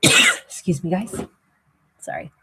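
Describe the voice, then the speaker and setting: A woman's voice: slow, pushed and bright. A woman host giving a casual tarot reading, wheezy and rambling, with plenty of fillers. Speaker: tarot reader.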